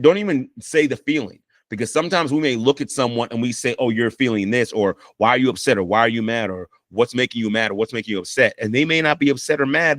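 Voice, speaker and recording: An earnest man gives a casual lesson on talking with a partner, his voice sitting fairly low. He repeats his points and keeps checking in with the listener. The sound is dry and close. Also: fairly bright tone, dry recording. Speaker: counselor teaching communication skills.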